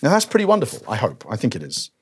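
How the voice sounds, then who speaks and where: A man's voice: mid-range voice, wildly swooping pitch, racing, breathy edge. A man in his forties preaching a conversational sermon, telling personal stories with self-deprecating asides.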